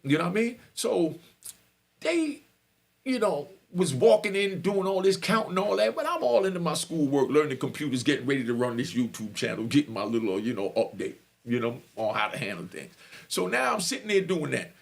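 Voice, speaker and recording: A middle-aged man telling a story out loud, talking quickly in a high, gravelly voice. His pitch swoops all over as he checks again and again that listeners follow. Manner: animated, keeps asking listeners if they follow. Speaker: storyteller and channel host. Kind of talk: casual spoken storytelling.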